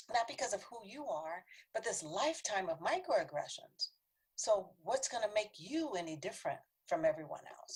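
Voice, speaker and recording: Speaking in a mid-range, slightly rough voice, a workshop presenter gives a city council an earnest training talk in a conversational style. She acts out the voices she quotes and now and then lowers to a whisper to stress a point.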